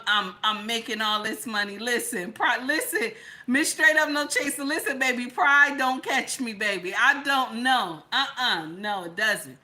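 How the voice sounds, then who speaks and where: A middle-aged woman hosts a commentary channel, preaching to viewers and repeating her points, going from loud to hushed. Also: fairly high pitch.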